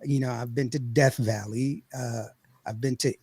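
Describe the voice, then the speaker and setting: A man, hosting a podcast and telling a long, rambling, animated story full of laughter and acted-out quotes. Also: mid-range voice, normal speed, slightly rough, dry recording. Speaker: podcast host. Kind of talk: casual storytelling chat.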